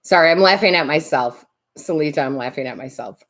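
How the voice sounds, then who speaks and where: A woman's voice: deep voice, brisk, fairly bright tone. A woman hosting a live tarot stream, chatting casually, laughing often and greeting viewers by name.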